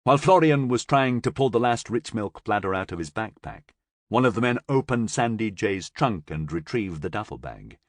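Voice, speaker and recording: A man with a low voice narrates a science fiction audiobook in an expressive, dramatic way. His pitch moves widely from line to line, and the close recording is dry with almost no room sound. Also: moderate pace, no room sound. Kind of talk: scripted narration.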